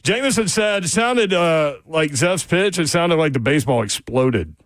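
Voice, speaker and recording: A man's voice: fairly high pitch, expressive, moderate pace, a bit bright, no echo, clean studio sound. A man hosting a sports radio show, telling stories casually with lots of fillers and laughter. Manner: storytelling, laughing often, many fillers. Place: radio studio. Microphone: studio microphone.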